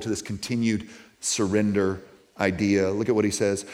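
Animated male pastor preaching. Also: lowish voice, normal speed. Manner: animated, repeats words, rises to loud emphatic peaks. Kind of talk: sermon.

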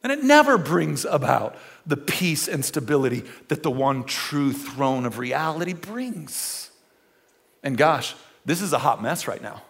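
A man preaching in a church, swinging between emphatic exclamations and hushed, joking asides. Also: fairly high pitch, sing-song, measured pace, gravelly. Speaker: pastor. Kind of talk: sermon. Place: church auditorium, indoors.

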